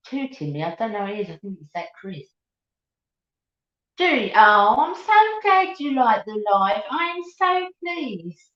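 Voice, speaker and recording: A beauty channel host from London's East End chats casually on her live stream in a Cockney accent, her voice a little high. She rambles warmly, calling viewers darling and sweetheart. The audio is roomy and dull, like a lo-fi home setup.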